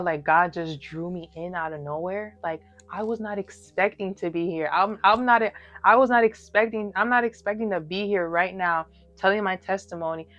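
A woman's voice: lowish voice, highs cut off. A woman in her early twenties sharing a personal faith testimony in casual, emphatic talk straight to her viewers, full of fillers. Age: early 20s.

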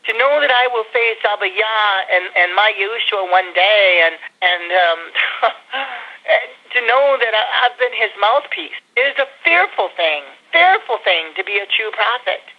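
A woman's voice: medium pitch, animated, unhurried. A woman preaching a sermon as a prophet, fiery and accusing, sometimes bursting out sharply. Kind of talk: recorded sermon. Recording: dull lo-fi recording.

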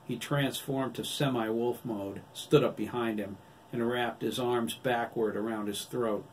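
A man, the author, reading his own novel aloud in a steady, even storytelling delivery. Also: medium pitch, measured pace. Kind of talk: audiobook narration. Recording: distant mic with faint background noise.

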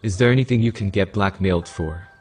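Brief: male reader doing a cocky teen girl hacker, snarky and teasing, read in his own deep voice. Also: quick pace, a little mellow, husky.

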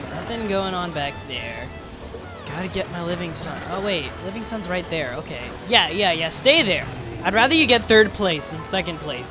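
A young man doing casual let's play commentary, excitable and yelling at the game. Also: a little high. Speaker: let's player. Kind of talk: gaming commentary. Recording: faint game music behind.

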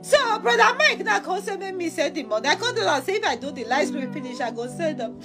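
A woman's voice: high voice, sing-song, fast talker. A woman playing a jilted young woman abroad in a comic skit. She has a Nigerian accent and pleads for her money, wailing with laughter mixed into her sobs. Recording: music playing under the voice. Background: music.

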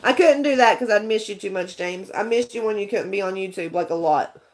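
A woman vlogger chats with her viewers on a casual livestream, telling a rambling, earnest story and often restarting her sentences. Her voice is medium-pitched and a little fast.

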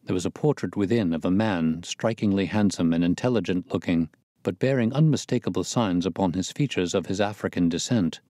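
A male narrator reads a classic mystery in a steady, measured way. His voice sits low, and the recording is close and dry. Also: no echo. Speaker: audiobook narrator. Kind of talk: scripted narration.

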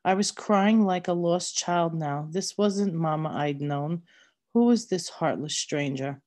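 Woman narrator for a read-aloud novel; low, unhurried, mellow delivery. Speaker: reader.

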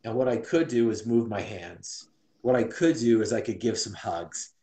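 A man's voice: on the low side, normal speed, dark tone. A man in his forties from Utah, earnestly and reflectively telling a personal story as an interview guest. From Utah, USA. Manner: earnest and reflective, many restarts. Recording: roomy echo.

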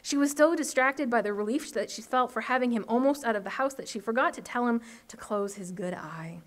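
A woman author reading her short story aloud at an open mic, in a steady, measured way. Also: on the high side.

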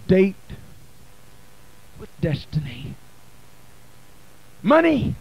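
A man who is a bishop, preaching a Pentecostal sermon in a church, with a rhythmic, chanted, shouting delivery, on an archival 1980 church recording. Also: high voice, wildly swooping pitch, extremely slow, creaky, husky, rough recording. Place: church sanctuary.

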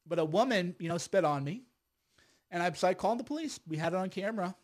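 A middle-aged man delivers a combative, casual monologue to his viewers. His voice sits fairly high for a man, and he restarts phrases, repeats words and checks in with "right?" as he argues his point. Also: expressive, fast talker. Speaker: lawyer and filmmaker.

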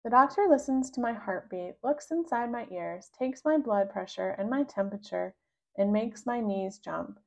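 A woman reading a children's book aloud, narrating slowly and expressively in the first person. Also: fairly high pitch, lively intonation, vocal fry, highs cut off. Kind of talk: read-aloud storybook narration.

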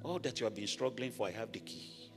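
A man from Nigeria preaching a sermon as pastor, animated, rising to shouted blessings over the congregation. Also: lowish voice, fairly quick. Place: large church hall. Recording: echoey church hall with music.

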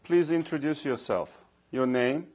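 A man's voice: fairly high pitch, unhurried, a little mellow. A man interviewing a veteran, asking short prompts and follow-up questions. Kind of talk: oral history interview.

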